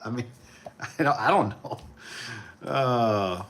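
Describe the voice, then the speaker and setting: A man from Michigan hosting a casual livestream, talking in a relaxed, rambling way and chuckling often. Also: mid-range voice, takes it slowly. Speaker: livestream host.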